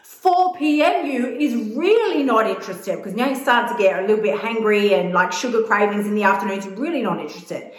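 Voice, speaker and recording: A woman's voice: medium pitch, animated, brisk, few pauses. A woman coaching viewers on weight loss in blunt, emphatic, casual talk that swears freely. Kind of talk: casual direct-to-camera advice. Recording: echoey room.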